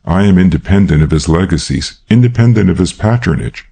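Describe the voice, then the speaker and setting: An earnest young man pleading with passion in a classic crime audiobook, as a male narrator plays him. His voice is very deep and dark, with a husky edge. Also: lively intonation, brisk, heavily acted.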